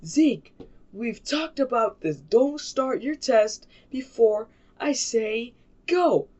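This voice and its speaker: A man's voice: animated, normal speed, natural voice. A man putting on the voice of a strict, short-tempered woman schoolteacher who scolds in a raised voice. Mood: scolding. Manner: scolding, raised-pitch mimicry. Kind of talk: storytime impression. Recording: dull lo-fi recording.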